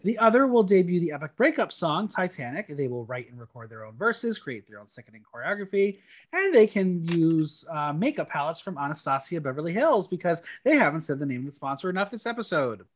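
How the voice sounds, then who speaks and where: A podcast host recapping a TV episode in a playful, animated way, with a casual chat feel. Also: mid-range voice, brisk.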